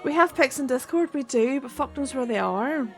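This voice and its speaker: Faint music plays as a woman with a Northern Irish accent streams a game and chats casually, cursing freely and laughing a lot. Her voice is high-pitched with lively intonation and a moderate pace.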